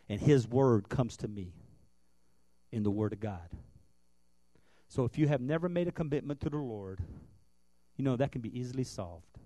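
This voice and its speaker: A man preaching a sermon as a guest pastor in a church, swinging from loud earnest preaching to quiet tender tones, then leading a prayer. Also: mid-range voice, no room sound. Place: church building.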